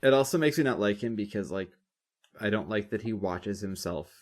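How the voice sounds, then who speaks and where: A man with a slightly low voice riffs on a podcast in loose, casual chat. He is opinionated and swears freely. He often breaks into mocking impressions to make a point. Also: a little fast, a little mellow. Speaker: podcast co-host.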